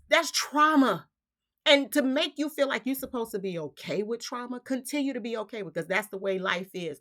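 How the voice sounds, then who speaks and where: A woman's voice: fairly high pitch, pushed and bright. A woman hosting her own spiritual vlog, talking in a fiery, emphatic way and firing off rhetorical questions in casual slang. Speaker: vlog host. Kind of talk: impassioned spiritual vlog monologue.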